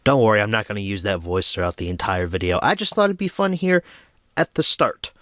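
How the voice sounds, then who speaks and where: Brief: young male film review host, chatty and animated, dry sound. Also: lowish voice, fairly quick, no room sound. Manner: chatty, self-deprecating, lively storytelling. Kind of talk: casual film review monologue.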